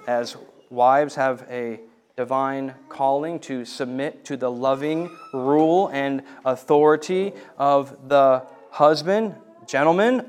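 A man preaching a sermon, speaking in slow, emphatic phrases and repeating lines for weight. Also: fairly high pitch. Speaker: pastor.

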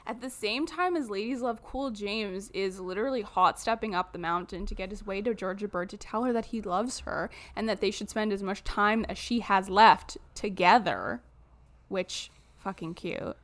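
A woman's voice: medium pitch, normal speed. A woman co-hosting a podcast, recapping a movie in casual, jokey chat with some swearing. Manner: animated, swearing, jokey storytelling. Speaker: podcast co-host.

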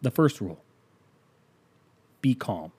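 A man from the United States hosting a podcast, ranting in a casual comic way, swearing and firing off rhetorical questions, swinging between loud outbursts and low mutters. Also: sing-song, slow, slightly rough. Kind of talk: casual comedic rant.

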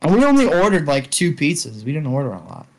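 A man's voice: a little high, huge pitch swings, quick pace. A young man telling a long story to friends over a call, rambling with lots of fillers and swearing. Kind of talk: casual chat. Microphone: online call.

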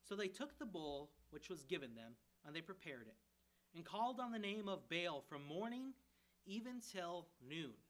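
A man with a high voice, speaking at normal speed, preaches an expository sermon as a pastoral candidate. He retells a scripture story with humor, animatedly acting out quotes and voicing the characters.

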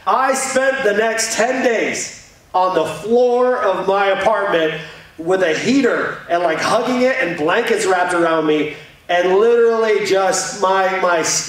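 A young male pastor tells a lively, joking story from the pulpit in a fairly high voice. He sounds a bit distant from the mic. His words ring around a big, echoing hall. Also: slow. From Indiana. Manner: storytelling, jokey, animated. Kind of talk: sermon. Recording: echoey hall from far off.

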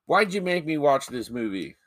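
A man with a somewhat high voice co-hosts a casual movie podcast. He swears freely and jokes with mock outrage. His voice sounds dry and close, with no room echo. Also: sing-song, moderate pace, fairly bright tone. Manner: profane, joking, mock-outraged. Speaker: podcast co-host. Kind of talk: casual movie-review chat.

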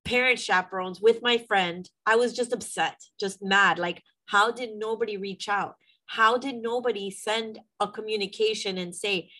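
A woman's voice: medium pitch, fairly bright tone, poor audio. Woman, middle-aged, mother, venting, emotional, candid, swears. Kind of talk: personal vlog storytelling.

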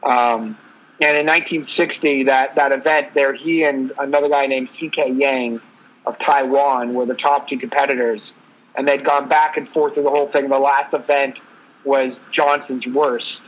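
A man's voice: medium pitch, steady tone, normal speed, rough recording. A man co-hosting a casual sports talk show, telling a sports story in a loose, rambling way. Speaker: podcast co-host.

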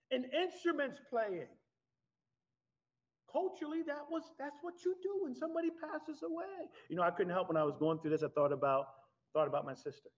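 A man preaching a sermon in an animated, conversational way. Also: very high-pitched. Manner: animated, conversational preaching with laughs and acted-out quotes. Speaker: pastor. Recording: dull lo-fi sound.

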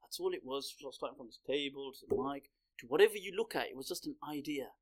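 Animated man telling a story in a lecture. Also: mid-range voice, quick pace. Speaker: religious lecturer.

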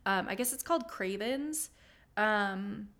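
A woman's voice: medium pitch, animated, slow pace, a bit bright. A woman co-hosting a casual book podcast, easygoing and filler-heavy as she recounts a story. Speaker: podcast co-host.

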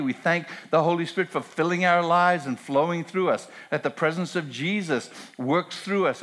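A man preaching a sermon, moving from a quiet prayer into earnest, emphatic preaching with repeated phrases. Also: fairly high pitch. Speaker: pastor.

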